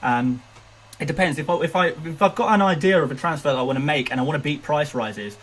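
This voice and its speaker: A man's voice: a little high, quick pace, fairly bright tone, poor audio. A young man hosting a fantasy football live stream, chatting casually and reading viewer messages aloud with lots of fillers. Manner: chatty, upbeat, loose with fillers and restarts.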